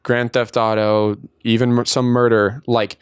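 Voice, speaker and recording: A man's voice: mid-range voice, flat delivery, a little slow, smooth, no echo, studio quality. A man co-hosting a podcast in casual chat, agreeable and chiming in often. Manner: agreeable, chimes in with backchannels. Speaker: podcast co-host.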